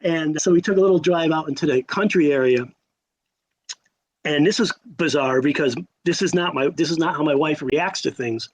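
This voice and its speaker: A man in his sixties with a high-pitched voice tells stories as a podcast guest. He is animated, with sudden jumps in pitch, emphatic repeats and a storyteller's pauses. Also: rough recording. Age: 60s.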